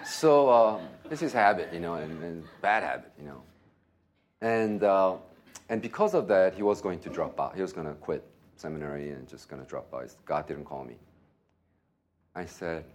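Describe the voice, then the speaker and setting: A pastor preaching a sermon, telling a story with lots of laughter and acted-out dialogue. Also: male voice, deep voice, normal speed. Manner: animated, laughing often, acts out dialogue.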